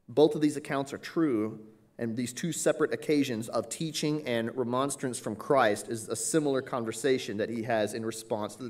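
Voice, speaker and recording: A man preaching an expository Bible lesson in a conversational way, often pausing with "uh" and checking in with "right?". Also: mid-range voice. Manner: conversational, frequent "uh" and "right?" tag questions. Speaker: pastor.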